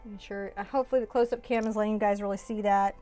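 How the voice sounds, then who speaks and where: A woman's voice: mid-range voice, steady tone, rapid-fire, warm tone, soft background music. A woman giving a live painting tutorial, chatty and jokey, often laughing as she works. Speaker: painting instructor.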